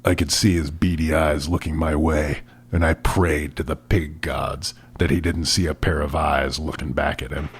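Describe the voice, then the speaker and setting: Very deep husky man. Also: fairly even intonation, normal speed, few pauses. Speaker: podcast co-host. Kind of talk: casual chat and dramatic reading.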